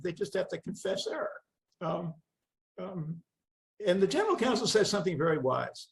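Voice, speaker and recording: A man's voice: high voice, normal speed, vocal fry, rough recording. An older man giving a wry, anecdotal storytelling talk as a guest speaker on a video call. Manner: wry, anecdotal, with lively asides. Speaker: guest speaker, environmental lawyer.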